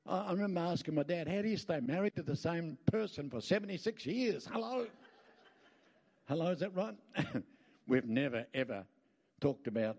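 A man's voice: fairly high pitch, a little fast. A middle-aged Australian man preaching a sermon, telling stories with jokes and asides to the congregation. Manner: lively storytelling with jokes and asides. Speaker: pastor.

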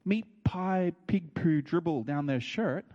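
A man preaching a sermon, telling stories and acting out what people said, with his voice leaping high when excited. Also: takes it slowly, lo-fi sound. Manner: animated, leaps high when excited, acts out quotes. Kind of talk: sermon with storytelling.

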